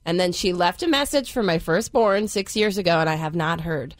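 A woman's voice: lowish voice, brisk, hardly any pauses, no echo. A woman, a former radio co-host, tells stories as a guest in casual studio chat and laughs often.

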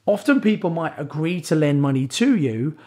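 Male coach, slightly high voice, pitches steps with upbeat persuasive energy. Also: expressive, normal speed, darkish tone. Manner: upbeat, persuasive, stepwise instruction. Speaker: property investment coach. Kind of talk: instructional coaching talk.

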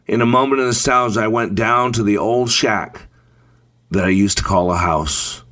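A man telling a dramatic first-person story in a measured way, with deliberate pauses. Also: on the low side, fairly bright tone.

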